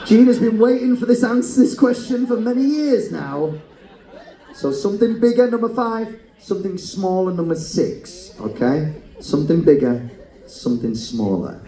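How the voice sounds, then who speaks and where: A man hosting a comedic live game show on a cruise ship, teasing contestants with quick banter and frequent laughter. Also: high-pitched, warm tone, reverberant, poor audio.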